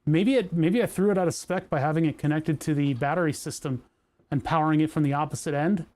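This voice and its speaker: A man's voice: a little high, fast, a little mellow. A man who streams on Twitch, chatting casually to himself while tinkering at his workbench, grumbling and joking.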